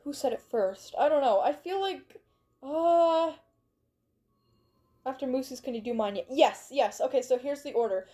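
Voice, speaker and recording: A woman's voice: sits high, lively intonation, normal speed, dark tone. A young woman streamer chatting casually and reading fan stories, bubbly and rambling, easily sidetracked. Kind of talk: casual livestream chat.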